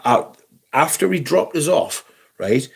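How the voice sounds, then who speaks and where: A man's voice: a little high, measured pace, vocal fry. Sweary man telling a story. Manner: swearing, animated anecdote with quoted voices. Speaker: livestream host. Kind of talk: casual livestream storytelling.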